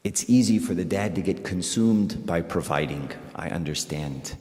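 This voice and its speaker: A man delivers a sermon in a chatty, animated way, often repeating himself for emphasis. His voice rings through a large church with a long, hanging reverb. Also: low-pitched, normal speed. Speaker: priest.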